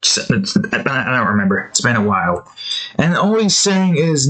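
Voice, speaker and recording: A man's voice: medium pitch, big pitch swings, moderate pace, bright, forceful tone, poor audio. A man in a casual art vlog, rambling through a story with many fillers and restarts. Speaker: art vlogger.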